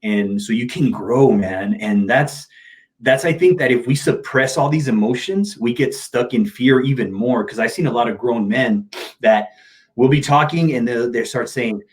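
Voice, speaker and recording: A middle-aged man talks candidly in an interview, telling personal stories with open emotion and easy slang. His voice sits at an ordinary male pitch, neither deep nor high. He sounds loose and conversational, like a motivational speaker off the stage. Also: normal speed.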